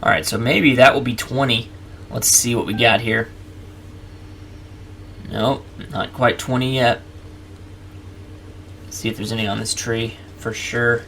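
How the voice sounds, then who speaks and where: A man hosts a let's play in easy, chatty commentary, narrating each step as he goes. His voice sits at an ordinary middle pitch with a gravelly, fried edge. A faint hiss runs under the recording. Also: fairly even intonation, measured pace, pauses often, fairly bright tone. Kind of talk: casual gameplay commentary.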